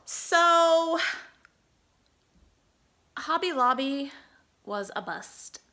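A woman's voice: high voice, animated, extremely slow, sharp tone. A woman vlogging in casual chat from her car, rambling and talking straight to her viewers, recorded on a phone in a dashboard holder. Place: in a car while driving.

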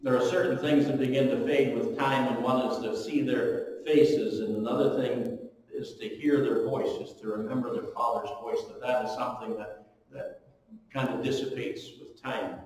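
A pastor preaching in a church hall, his voice carrying with a long, booming echo. He sits at a middle pitch and swings between loud emphatic lines and hushed ones. The mic sits some distance from him. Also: moderate pace. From eastern Ontario, Canada. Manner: storytelling, animated with strong rises and drops in pitch and volume. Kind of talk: sermon. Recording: echoey hall, recorded from far off.

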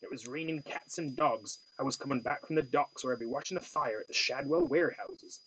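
A man's voice: medium pitch, brisk, a bit bright, a little hiss or hum, natural voice, rough recording. A man voicing a weary lodging-house woman in her fifties with a Cornish accent, telling her story in a wistful, broken way.

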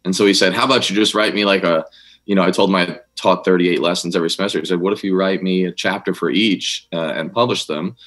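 A man with a very low voice speaks as an interview guest. He talks quickly and excitably, often breaking off and restarting his sentences. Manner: rapid, excitable, with frequent restarts. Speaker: guest author, former army officer and history teacher. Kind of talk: conversational interview answer.

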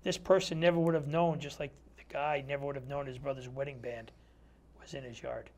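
A man's voice: mid-range voice, fairly even intonation, fairly quick. A man who is a metal detectorist, a guest in a casual interview chat in a TV studio, telling stories, acting out dialogue and using many fillers. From Connecticut. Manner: storytelling, acts out quoted dialogue; chatty, many fillers like "you know". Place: community TV studio.

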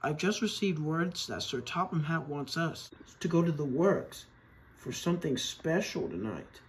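A narrator voicing a friendly male train driver with a cheerful, brisk manner. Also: medium pitch, animated, lightly acted.

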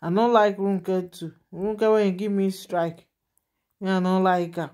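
A woman's voice: mid-range voice, fairly even intonation, a little slow, a little mellow. A woman with a Nigerian accent hosting her own channel, chatting casually and animatedly as she shares celebrity gossip and laughs often.

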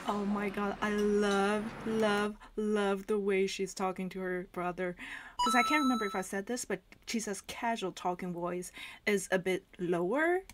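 A woman's voice: medium pitch, measured pace. Gushing woman reacting to videos. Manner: gushing, excitable, laughs often. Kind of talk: casual reaction commentary. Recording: noisy home recording with clicks.

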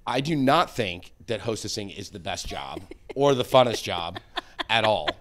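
Chatty low-voiced male podcast host. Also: normal speed. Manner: rambling, animated storyteller with many fillers. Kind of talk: casual conversation.

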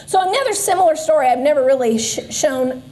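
A woman's voice: high-pitched, expressive, fairly quick, warm tone. A woman in her forties telling a personal faith testimony to a church group, earnest with self-deprecating asides. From Southern California. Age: 40s. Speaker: Sunday school speaker. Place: church classroom.

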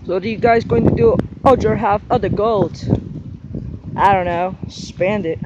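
High-pitched man yelling through a noisy skit. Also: normal speed, dull audio. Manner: excitable, swings from yelling to mumbling. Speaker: video maker voicing all characters. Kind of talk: homemade skit, switching between character voices.

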